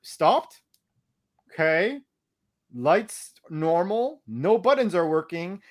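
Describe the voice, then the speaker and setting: A young man casually telling a story on a podcast, animated and profane, acting out what he said. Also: sits high, slow.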